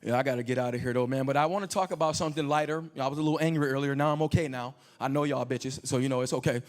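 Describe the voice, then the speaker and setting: A male stand-up comedian telling crude stories with animated delivery on a comedy club stage, into a handheld mic. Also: mid-range voice, rapid-fire.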